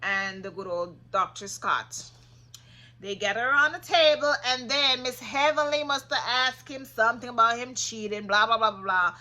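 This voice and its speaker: A woman casually recapping a reality show, sassy and opinionated, getting loud when she gets passionate. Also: fairly high pitch, moderate pace.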